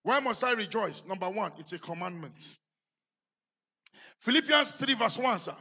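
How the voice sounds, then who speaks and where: The Nigerian-accented pastor's voice sits high and husky, expressive and moderately paced, as he preaches in church. He puts questions to the congregation and rises into shouted emphasis.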